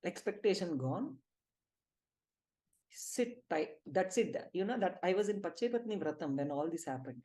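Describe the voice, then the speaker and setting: Mellow-voiced Indian woman teaching. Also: on the low side, moderate pace. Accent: Indian English. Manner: lively, emphatic storytelling with quoted dialogue. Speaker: spiritual healing group leader. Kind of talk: spiritual teaching talk.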